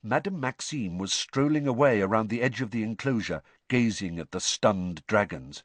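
A man reading an audiobook in a steady storytelling manner, stepping into character voices. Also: fairly low pitch, moderate pace, no echo. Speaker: narrator. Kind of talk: audiobook narration.

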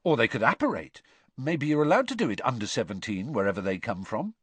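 A man's voice: medium pitch, very animated, a little fast, a bit bright, slightly rough, no room sound. A man doing an eager curious schoolboy.

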